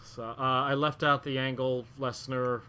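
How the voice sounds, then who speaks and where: A man's voice: mid-range voice, flat delivery, a little slow, pushed and bright, clean tone. A man co-hosting a casual wrestling podcast, rambling through his picks with lots of filler words and restarts. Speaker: podcast co-host. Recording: muffled lo-fi audio.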